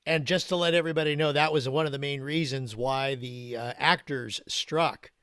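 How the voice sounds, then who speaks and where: A man as co-host of an online group session, explaining haltingly with many pauses. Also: mid-range voice, steady tone, fairly bright tone, clear, resonant tone, no room sound, clean studio sound.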